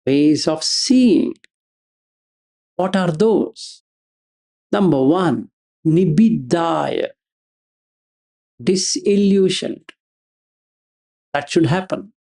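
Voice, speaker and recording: A Buddhist Dhamma teacher gives a talk in a dark, gravelly voice that sits on the high side. He reasons aloud through pointed rhetorical questions, keeps coming back to Pali terms, and bluntly dismisses emotion as illogical.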